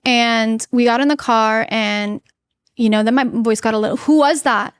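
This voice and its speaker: This woman in her thirties has a fairly high, fairly even voice at a normal pace, with a clear, resonant tone recorded cleanly in a studio without echo. As a podcast guest, she tells a personal story candidly and earnestly, acting out what people said, including her own quoted lines.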